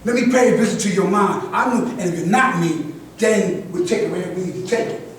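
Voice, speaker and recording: Older man, high-pitched, preachy group address, distant mic in a very echoey room. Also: fairly quick, a little hiss or hum. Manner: preachy, repeats "God" as address, restarts often. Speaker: speaker at a community gathering.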